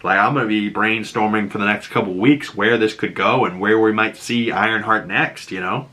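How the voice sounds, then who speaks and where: A man hosting a show breakdown, recapping scenes in an excitable, loose way full of fillers. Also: lowish voice, moderate pace. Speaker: show reviewer.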